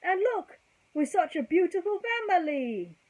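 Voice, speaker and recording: A boisterous Italian restaurant owner, put on by a woman storyteller. He speaks in a thick Italian accent, loud and exclamatory, pitched well up and bursting with greetings. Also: big pitch swings, unhurried, exaggerated voice, low-quality recording. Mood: effusive welcome.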